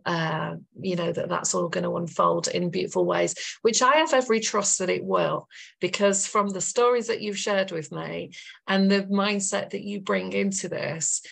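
A woman's voice: mid-range voice, steady tone, moderate pace, vocal fry, a bit bright, husky. A woman hosting a podcast interview, speaking effusively and thanking her guest with long lists of praise. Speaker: podcast host. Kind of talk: interview talk.

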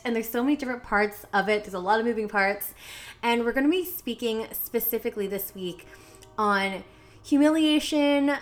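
A woman's voice: medium pitch, fairly bright tone. A woman from Canada hosting a podcast, chatting casually and laughing often. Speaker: podcast host.

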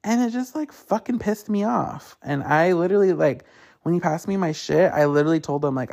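A man's voice: fairly high pitch, fast talker, creaky. A man hosting a podcast, telling a story as a casual solo rant, swearing freely and acting out other people's lines. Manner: animated, profane storytelling; acts out others in quotes. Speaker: podcast host.

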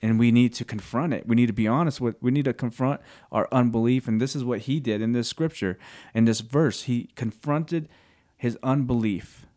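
A man sharing scripture in casual faith talk, earnest and halting, often searching for words. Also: mid-range voice, darkish tone.

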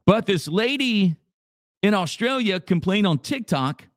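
A man's voice: high-pitched, animated, unhurried, dry recording, studio quality. A man hosting a radio show, chatting casually in a rambling, jokey way. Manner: rambling, jokey, repeats himself.

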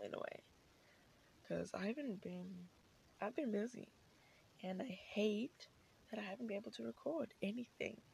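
A woman's voice: mid-range voice, creaky, darkish tone. A young woman hosting a casual solo podcast in rambling, chatty talk, her voice scratchy from the morning, recorded inside a parked car. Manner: rambling, chatty, many fillers and restarts. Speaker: podcast host.

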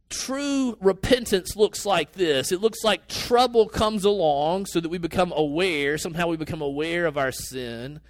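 Male pastor preaching, high voice, earnest conversational delivery, dry close sound. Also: a bit bright, no room sound. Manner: earnest, conversational preaching with sudden rises in pitch and pace. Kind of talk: sermon.

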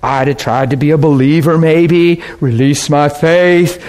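A middle-aged man preaching a sermon, telling a story and acting out the people in it with big jumps in his voice. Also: measured pace. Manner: animated, acts out quotes with big pitch jumps.

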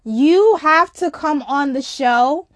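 Woman, New York accent, casual chat, fast, repeats words, higher pitch. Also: animated. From Brooklyn, New York. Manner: fast-talking, stumbles on repeats. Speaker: podcast co-host.

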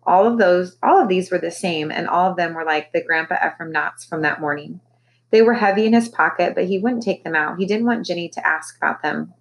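A woman teacher reading a children's novel aloud with expressive storytelling. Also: lowish voice, low-quality recording.

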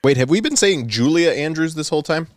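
A man's voice: a little high, expressive, quick pace, no room sound. Easygoing man co-hosting a podcast, dry sound. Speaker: podcast co-host. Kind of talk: casual chat.

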